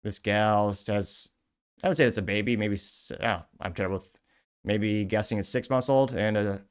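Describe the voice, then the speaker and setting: A man's voice: on the low side, fairly even intonation, normal speed, smooth. A man hosting a commentary show, reading out social media comments with dry, sarcastic jokes and self-deprecating asides. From Cuban heritage. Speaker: show host.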